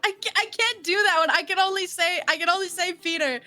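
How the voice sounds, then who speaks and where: A woman's voice: very high-pitched, fast, pushed and bright, soft background music. A woman guesting on a livestreamed talk show, chatting casually, with hesitant restarts and fillers. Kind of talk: casual chat.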